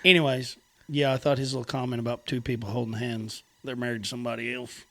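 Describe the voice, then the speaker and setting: A man's voice: mid-range voice, little pitch movement, fast, a bit bright. A man hosting a podcast, telling stories in a laid-back, chatty way with frequent laughs. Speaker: podcast host. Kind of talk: casual chat.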